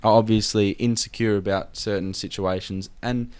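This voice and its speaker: A young man co-hosting a casual podcast with a fairly low voice. He rambles through his opinions and keeps checking in with his co-host. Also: steady tone, moderate pace, a little mellow, clear, resonant tone. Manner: opinionated, rambling, says "right?" often.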